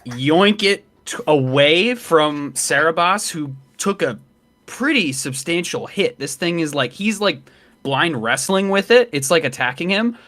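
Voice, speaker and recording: A man playing a tabletop game who describes his character's moves in an excited, rambling way. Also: a little high, measured pace. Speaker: player. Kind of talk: casual tabletop play.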